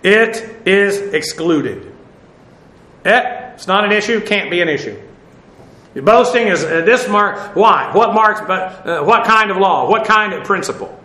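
Guy teaching the bible verse by verse, high bright voice, lots of uh and asides, echoey room. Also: expressive, unhurried. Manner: conversational, with frequent fillers and asides. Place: room, standing before a seated audience.

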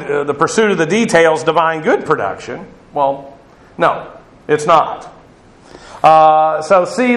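A man's voice: sits high, a bit bright, reverberant, low-quality recording. A male pastor giving a conversational Bible teaching, loose and digressive with many fillers. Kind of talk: sermon.

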